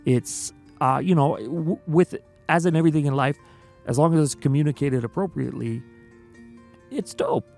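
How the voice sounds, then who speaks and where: Hosting a casual stream chat as an interviewer, this man tells stories in an animated way and laughs often. His gravelly voice is mid-pitched, and faint music plays in the background.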